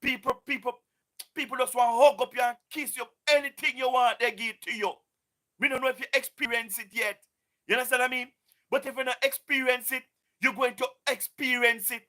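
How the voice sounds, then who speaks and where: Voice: high-pitched, level tone, fairly quick, bright, forceful tone. A speaker with a Jamaican accent and patois, giving an impassioned, preachy live-stream address that keeps circling back with repeated questions to the audience. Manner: repetitive, keeps asking "you understand what I mean"; exhorting, preachy.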